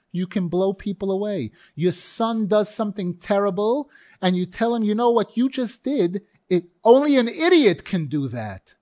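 A man's voice: fairly high pitch, mellow, no echo. A man teaching a Torah class in an earnest, emphatic way, stressing key phrases by repeating them.

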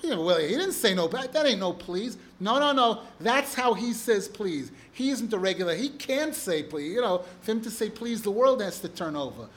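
A man's voice: sits high, animated, moderate pace, few pauses, a bit bright. A man teaching a religious text class, who reads passages in Hebrew and then explains them with rising emphasis. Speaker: Torah teacher.

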